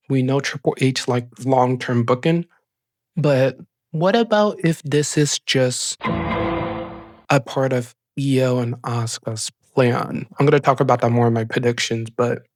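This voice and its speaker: An excitable man runs through a recap at a middling pitch, rambling along and leaning on "like" between thoughts. His voice is close and dry, with no room sound around it. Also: no echo. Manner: chatty, excited, rambling with many "like" fillers. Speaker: show host. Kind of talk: casual wrestling episode recap.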